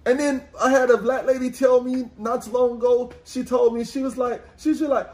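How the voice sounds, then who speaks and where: A man's voice: extremely high pitch, level tone, fairly quick, hardly any pauses, a little mellow. A young man with a congested, nasal-sounding voice, chatting on a podcast and telling stories with lots of restarts. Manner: storytelling with many restarts, acting out callers. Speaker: podcast co-host. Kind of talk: casual chat.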